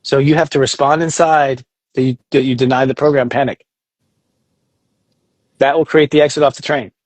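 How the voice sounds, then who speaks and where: A man talking casually as a guest on a podcast, animated, often acting out inner voices in quotes and swearing now and then. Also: medium pitch, normal speed, no echo. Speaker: astrologer guest.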